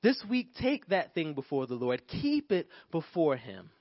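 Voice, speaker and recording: A pastor preaching a sermon, building emphasis and calling out to the congregation. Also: male voice, a little high, huge pitch swings, unhurried, no room sound, muffled recording. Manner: preaching with rising emphasis and call-outs to the congregation.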